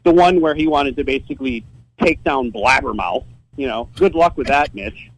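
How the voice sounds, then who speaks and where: A man's voice: medium pitch, moderate pace, poor audio. A man telling a story as a guest on a podcast, casual and profane, often stumbling and repeating words as he starts a sentence.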